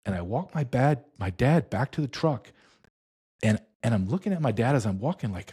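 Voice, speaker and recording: A middle-aged man telling a story in an interview, emphatic and intense, slowing down for dramatic weight. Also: medium pitch, animated, mellow, husky. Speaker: interview guest, former border agent.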